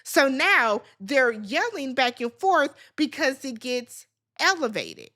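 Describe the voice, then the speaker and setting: A woman's voice: high-pitched, wildly swooping pitch, slow, pushed and bright. A woman hosting a reality TV recap, talking casually and bluntly, swearing freely as she gives her opinions.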